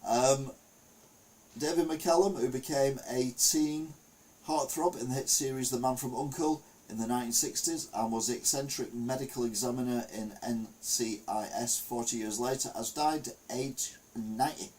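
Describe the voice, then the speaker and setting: Older man with deadpan asides. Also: mid-range voice, moderate pace, slight background noise, poor audio. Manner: reads headlines aloud with wry deadpan asides and frequent ums. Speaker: host reading out the week's news. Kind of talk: live-streamed news chat.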